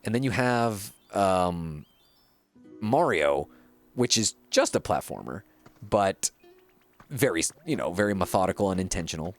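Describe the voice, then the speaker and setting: A gaming streamer casually chatting through gameplay, chatty and giggly and full of fillers. The pitch swings across a very wide range, from low mumbles to bright highs. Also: big pitch swings, measured pace, pauses often, faint music behind.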